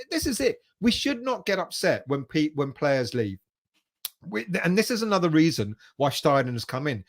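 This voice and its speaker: A man hosting a fan livestream, reading viewer comments aloud and chatting casually, with the odd bit of swearing. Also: sits high. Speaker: fan channel host reading live chat.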